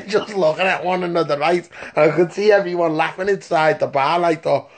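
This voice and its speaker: Scouse bloke on a phone voice note, sweary rambling yarn, keeps saying right, voice a touch high. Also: male voice, brisk, few pauses. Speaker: storyteller. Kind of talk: casual voice-note anecdote. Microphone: phone voice message.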